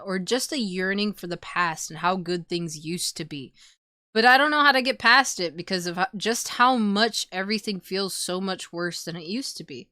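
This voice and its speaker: A woman's voice: mid-range voice, pushed and bright, clean tone, dry recording, studio quality. A young woman streaming, chatting casually with viewers, laughing often and swearing freely. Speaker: VTuber streamer. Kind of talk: casual chat reading viewer messages.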